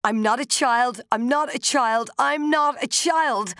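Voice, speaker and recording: A reader voicing a frightened teenage girl in an audiobook, with a high, strained, shrill and pleading delivery. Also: lively intonation, normal speed, no echo, studio quality. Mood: desperate shouting. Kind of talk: audiobook character voice.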